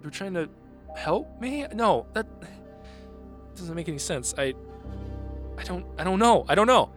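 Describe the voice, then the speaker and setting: A man's voice: fairly high pitch, lively intonation, a little slow, music in the background, pitched above the performer's own voice. A man voicing a shaken man who feels forgotten, faltering and repeating himself before anger breaks through. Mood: distraught.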